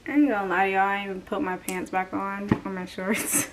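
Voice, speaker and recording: With a mid-range voice, level tone and brisk pace, a young female vlogger chats her way through a try-on haul. She's short of breath, fills her talk with fillers, and drifts into whispering. A distant mic picks her up along with clear background noise.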